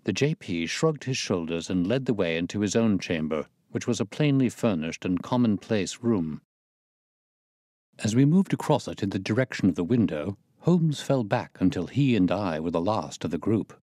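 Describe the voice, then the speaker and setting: Low-voiced man narrating a story. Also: animated, normal speed, a little mellow, dry recording, studio quality. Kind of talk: scripted narration.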